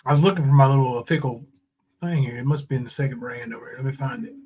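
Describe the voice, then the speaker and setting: A man's voice: medium pitch, fast, darkish tone, breathy edge. A man co-hosting a livestream in casual chat, reading viewer comments aloud and joking. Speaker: livestream co-host.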